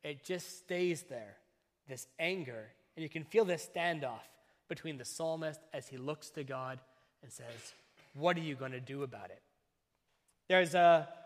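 A man preaching a sermon as a pastor, with a measured, emphatic delivery that breaks his points into short, deliberate phrases. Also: on the high side. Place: church. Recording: long reverb of a church hall.

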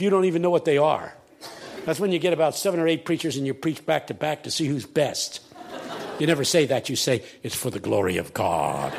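An eighty-year-old man preaching a sermon in a large church, telling stories with humor and building to shouted peaks. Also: on the high side, a little hiss or hum. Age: 80s. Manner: rising to shouted call-and-response peaks.

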